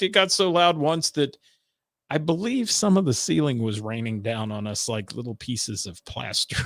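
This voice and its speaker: A man's voice: mid-range voice, a bit bright, no echo. A man hosting a music radio show, chatting casually and rambling with lots of fillers while he thanks viewers for their comments. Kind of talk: casual live-stream chat, reading viewer comments.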